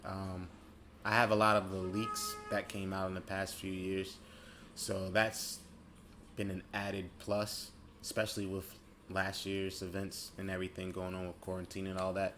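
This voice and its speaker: A man's voice: low voice, completely flat delivery, normal speed, a bit bright, faint music behind. A man in his late twenties hosting his own show, talking in a casual, reflective way that rambles and corrects itself as he thinks aloud. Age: late 20s. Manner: rambling, self-correcting, thoughtful. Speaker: podcast host.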